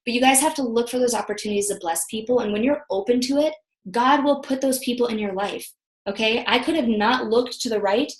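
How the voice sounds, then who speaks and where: A woman in her thirties leading a motivational team training call, telling chatty, animated stories. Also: on the high side, a little fast, roomy sound. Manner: chatty, animated storytelling with acted quotes. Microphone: video call.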